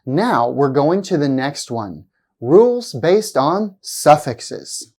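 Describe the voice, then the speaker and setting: Brief: woman pronunciation teacher, low-pitched, very slow and deliberate, exaggerated word stress. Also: very animated, darkish tone, husky. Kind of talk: scripted pronunciation lesson.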